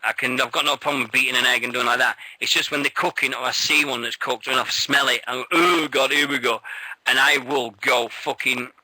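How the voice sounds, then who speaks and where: A man's voice: medium pitch, flat delivery, a little fast, hardly any pauses, pushed and bright, dry recording, poor audio. Sweary English man hosting radio. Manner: blunt and sweary, laughs often. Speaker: radio show host. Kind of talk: casual chat.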